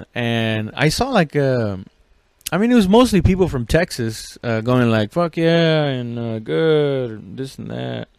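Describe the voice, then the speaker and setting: A man's voice: mid-range voice, big pitch swings, measured pace, creaky, darkish tone, no room sound. A man hosting a solo podcast, rambling and cursing, full of fillers and restarts. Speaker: podcast host. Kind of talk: casual solo podcast chat.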